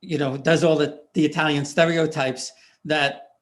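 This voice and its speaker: Rambling, slightly high-voiced male host. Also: steady tone, normal speed. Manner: rambling, easygoing anecdotes with many fillers. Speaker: podcast host. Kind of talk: casual interview chat.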